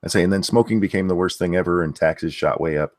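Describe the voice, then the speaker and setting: Casting note: man, very low voice, relaxed co-host chat, dry close mic. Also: fast, no room sound. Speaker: streamer co-host. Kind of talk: casual chat.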